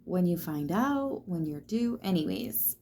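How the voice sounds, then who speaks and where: A woman's voice: on the low side, big pitch swings, unhurried, warm tone, slight background noise. A woman giving a casual tarot reading, chatty and reassuring, swearing freely as she talks straight to the viewer. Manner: loose and chatty, swears freely, lots of fillers; reassuring, speaks straight to the listener. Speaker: tarot reader.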